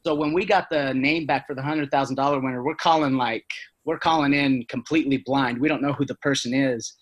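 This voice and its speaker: A man's voice: mid-range voice, fairly even intonation, lo-fi sound. A man talking as a business-owner guest in a casual podcast chat, rambling through stories with plenty of fillers and tag questions. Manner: rambling, fast, full of fillers and "right?".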